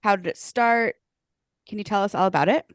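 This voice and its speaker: A woman's voice: mid-range voice, brisk, no echo. Upbeat female interview host, dry sound. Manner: upbeat, encouraging questions. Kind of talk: interview, casual chat.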